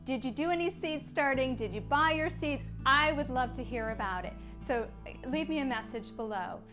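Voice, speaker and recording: A woman hosting a gardening vlog, telling a story in a chatty, animated way and laughing often. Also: high voice, moderate pace, music in the background. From United States. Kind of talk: casual storytelling to camera.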